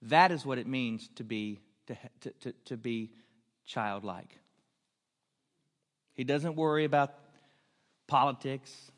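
A man's voice: mid-range voice, slow, long pauses. A man preaching a storytelling sermon, earnest and building to emphatic questions. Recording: long hall reverb.

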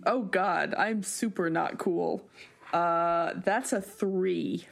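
A woman's voice: on the low side, slow, creaky. A woman playing a tabletop role-playing game, rambling and interrupting herself in character. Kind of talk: in-character actual-play talk.

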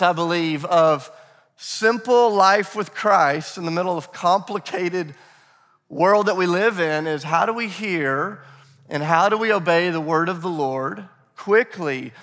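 A man preaching a sermon as pastor, energetic, repeating key phrases and prompting the congregation to call out answers. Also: high-pitched. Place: church sanctuary. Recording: echoey hall reverb.

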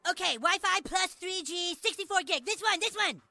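A woman's voice: very high-pitched, lively intonation, normal speed, pushed and bright, dry recording, heavily acted. A woman voicing a spoiled, bratty cartoon boy, smug and whiny. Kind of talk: animated series acting.

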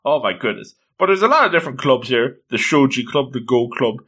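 A man reading a comic aloud in casual commentary, chatty and quick to exclaim at what happens. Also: medium pitch, expressive, bright, forceful tone, slightly rough. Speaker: manga reader. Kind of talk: casual read-along commentary.

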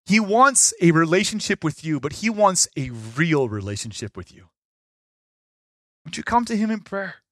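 A man preaching a sermon with a fairly high voice. He swings between forceful emphasis and hushed asides. The sound is dry and close, with no room echo. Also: normal speed. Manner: animated, shifts between loud emphasis and quiet asides. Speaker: pastor.

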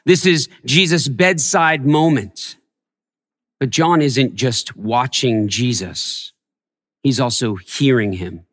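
A man preaching a sermon as a pastor, telling a personal story and growing hushed in its tender parts. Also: medium pitch, slow pace, long reverb tail. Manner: storytelling, softening to a hush in tender moments. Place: church sanctuary.

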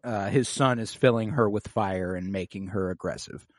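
A man's voice: fairly low pitch, moderate pace, dry recording. Joking man on a dry podcast mic. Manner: loose and joking, filler-heavy, swears freely. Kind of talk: casual chat recapping a TV episode.

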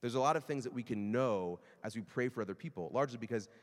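A man preaching a sermon in a conversational, animated way, sometimes acting out quoted voices. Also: medium pitch, quick pace, long reverb tail. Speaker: pastor.

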